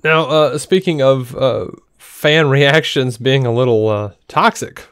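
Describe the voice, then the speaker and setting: A man's voice: medium pitch, unhurried, a bit bright, clean tone, dry recording, studio quality. A man co-hosting a podcast, chatting casually, blunt and sarcastic, often laughing. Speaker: podcast co-host. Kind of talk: casual chat.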